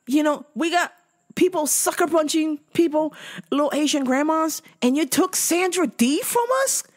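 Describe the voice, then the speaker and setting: A woman's voice: sits high, moderate pace. A middle-aged woman hosting a podcast in loose, profane chat, swearing freely and often breaking into song. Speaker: podcast host. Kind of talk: casual profane chat with bursts of singing.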